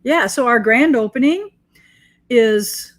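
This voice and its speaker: This American woman, a quilting teacher with her own shop, takes her time as she sews and chats, animated and enthusiastic, with plenty of jokes at her own expense. Her voice sits a little high.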